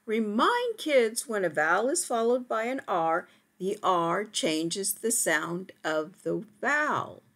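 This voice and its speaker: Woman, phonics teacher, slow and deliberate, stretches out each sound. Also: mid-range voice, sing-song, fairly bright tone. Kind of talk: phonics lesson for parents.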